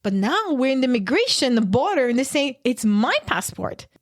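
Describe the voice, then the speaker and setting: Animated woman telling her story. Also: high voice, fairly quick. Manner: animated, acts out quoted voices. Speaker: podcast guest. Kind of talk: emotional personal storytelling.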